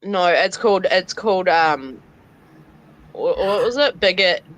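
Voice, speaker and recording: Woman, lively swooping pitch, teasing chatty guest, dry close call sound. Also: measured pace, no echo, dull audio. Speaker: panel guest. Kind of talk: casual live panel chat.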